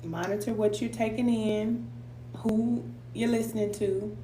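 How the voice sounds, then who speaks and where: A woman's voice: fairly high pitch, steady tone, a little slow, dark tone. A middle-aged woman hosting a casual live stream, talking informally with viewers, laughing often and reading out their comments. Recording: echoey room with faint hum.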